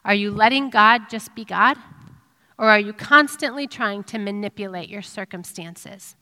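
A middle-aged woman giving an earnest, reflective devotional sermon, pausing with ums. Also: medium pitch, bright, forceful tone. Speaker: speaker giving a devotional talk. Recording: long reverb of a hall.

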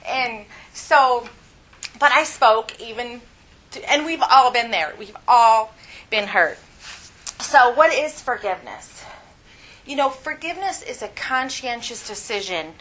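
A woman's voice: a little high, a bit bright, low-quality recording. A middle-aged woman teaching a Bible lesson at church, candid and confessional, laughing often as she talks.

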